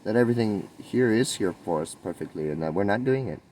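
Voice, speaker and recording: A man's voice: lowish voice, lively intonation, fast, dark tone, poor audio. A man giving a rambling, spontaneous spiritual monologue, musing and meandering, with sudden lifts in his voice. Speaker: spiritual vlogger.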